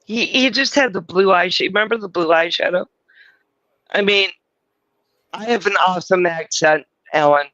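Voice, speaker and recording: A man's voice: high-pitched, moderate pace, pauses often, pushed and bright, no echo, dull audio. A man from California hosting a casual live chat, telling rambling stories and swearing freely. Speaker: host.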